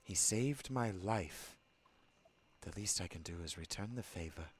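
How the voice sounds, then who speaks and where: A man voicing an earnest, uncertain young princess in a soft, reflective way, in his own low voice. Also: lively intonation, measured pace, husky, full character voice. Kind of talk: reading game dialogue aloud.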